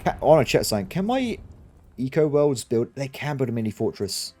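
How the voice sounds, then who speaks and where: A man giving excitable game commentary, talking to himself and his viewers as he plays. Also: mid-range voice, fairly quick, soft background music. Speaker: gaming channel host.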